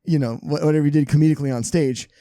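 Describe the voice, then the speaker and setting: A man's voice: fairly high pitch, fairly even intonation, rapid-fire, mellow, dry recording. A man who is a guest on a podcast, talking casually in a rambling way, with many restarts.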